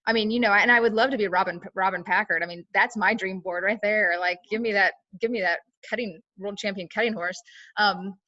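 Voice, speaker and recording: A woman's voice: medium pitch, fairly even intonation, fairly quick, pushed and bright. Chatty woman on a muffled call. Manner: chatty, lots of fillers, acts out quoted talk. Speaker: team member sharing her experience. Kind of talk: casual chat on a call.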